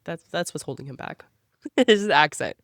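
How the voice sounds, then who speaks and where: A woman co-hosting a book club podcast in casual chat, animated and slipping into quick character voices as she talks. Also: deep voice, no echo. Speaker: podcast co-host.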